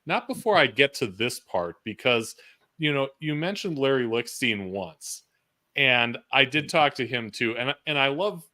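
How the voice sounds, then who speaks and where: A man's voice: medium pitch, expressive, measured pace, sharp tone. A man hosting a podcast, talking in an easygoing, loose way with fillers while interviewing a guest. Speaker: podcast host. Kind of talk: casual interview chat.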